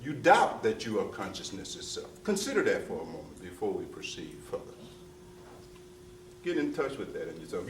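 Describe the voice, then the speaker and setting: Emphatic low-voiced male spiritual teacher. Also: a little hiss or hum. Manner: emphatic, repeats "you see?", slips into street slang. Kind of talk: spiritual discourse to students. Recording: roomy distant mic with faint ambience.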